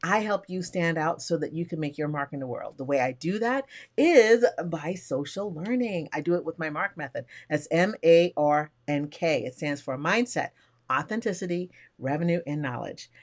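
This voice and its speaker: A woman's voice: sits low, lively intonation, moderate pace. A woman hosting a live stream, chatty and bubbly, who greets viewers with casual slang. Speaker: livestream host and brand coach. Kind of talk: upbeat live-stream chat.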